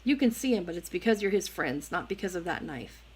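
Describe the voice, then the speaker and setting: A woman voicing a calm, steady adult male doctor in a novel reading, speaking firmly. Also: on the low side, fairly quick, slightly rough. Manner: calm and firm.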